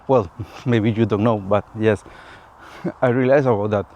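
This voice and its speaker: A male vlogger, native in Spanish, chats personally to the camera in halting English, frequently restarting, repeating himself, and breaking into laughter. His voice is fairly low and a little mellow, with fairly even intonation, and the audio is dull.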